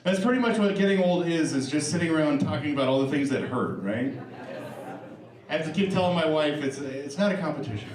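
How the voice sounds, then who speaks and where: Middle-aged stand-up comic with a lively voice. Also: male voice, a little high, brisk, far from the mic. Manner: loose, profane, chatty crowd work. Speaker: stand-up comedian. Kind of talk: stand-up set. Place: comedy club stage. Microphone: stage microphone. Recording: roomy live stage recording. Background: audience laughter.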